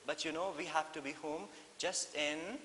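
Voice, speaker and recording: A man with an Indian English accent reading the lines of a kind but firm governess, polite and gentle. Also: fairly high pitch, steady tone, moderate pace, lightly acted. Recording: echoey room with faint hiss.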